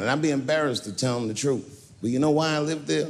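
A man's brash, profane stand-up story, punctuated by occasional shouting, is captured live on a big stage in front of a crowd. He speaks quickly at a fairly high pitch, and the recording carries long reverb along with audience noise.

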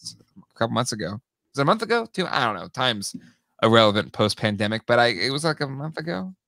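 A man co-hosting a toy podcast in casual chat, excitable and quick to laugh. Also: mid-range voice, dry recording, clean studio sound. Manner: excitable, animated, laughs often.

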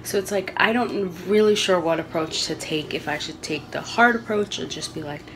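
Chatty young mother with a lower voice. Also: moderate pace, background noise. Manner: rambling, thinking aloud. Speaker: vlogger, mother. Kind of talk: casual home vlog chat. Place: home kitchen.

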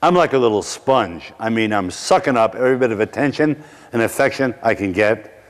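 A middle-aged man from Brooklyn, preaching through a personal story with wry asides and slow dramatic pauses. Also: medium pitch, animated, long reverb tail. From Brooklyn, New York. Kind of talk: sermon storytelling.

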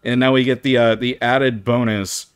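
A man's voice: medium pitch, little pitch movement, moderate pace, clear, resonant tone, no room sound, clean studio sound. A man commenting casually while he plays a game, stammering, swearing and reacting with disgust. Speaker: streamer playing a game. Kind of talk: casual live gameplay commentary.

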